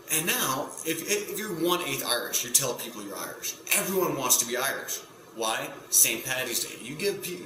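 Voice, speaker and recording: A man doing a stand-up routine to camera in front of a green screen, with a rambling, self-interrupting, provocative delivery. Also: mid-range voice. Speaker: stand-up comedian. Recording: echoey room with faint hum.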